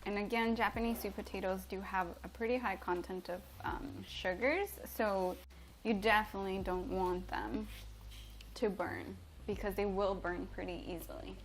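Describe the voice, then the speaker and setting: A woman's voice: mid-range voice, fairly even intonation, moderate pace, background noise. A woman hosting a casual cooking livestream from her home kitchen, chatting with viewers and laughing often. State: teary from chopping onion.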